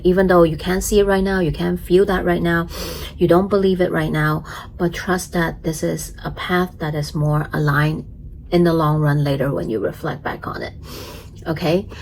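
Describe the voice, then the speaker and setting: A woman astrologer talks through a tarot reading in an unhurried, lingering way, her voice sitting a little low. She sounds gentle and chatty, scattering fillers and small giggles through her explanations. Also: a little hiss or hum, low-quality recording. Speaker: astrologer and tarot reader, channel host.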